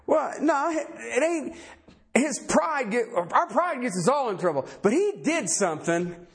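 A man's voice: very high-pitched, sing-song, a little slow, vocal fry. A man preaching a sermon, talking conversationally and emphatically and firing rhetorical questions at the congregation.

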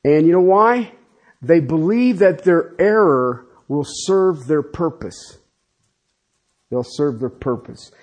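A pastor in his fifties, his voice a little high and his pace slow, delivers a lively sermon in a conversational style. He turns to the congregation with casual asides.

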